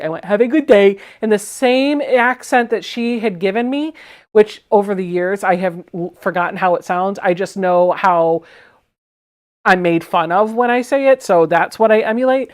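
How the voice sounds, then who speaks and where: A woman hosting a live sewing stream, chatting casually and telling stories while she sews. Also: medium pitch. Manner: chatty, laughs often, tells anecdotes. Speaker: sewing livestream host.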